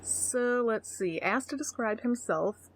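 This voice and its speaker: A woman's voice: a little high, lively intonation, takes it slowly. A middle-aged woman co-hosting a podcast in casual chat, reading a dating profile aloud with blunt, sarcastic comments and free swearing. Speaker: podcast co-host.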